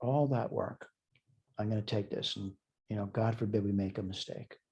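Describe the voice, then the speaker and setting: A man's voice: fairly low pitch, flat delivery, a little fast, darkish tone, muffled recording. A man teaching a college math lesson, thinking aloud as he works through problems in a chatty, self-deprecating way. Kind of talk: recorded math lecture.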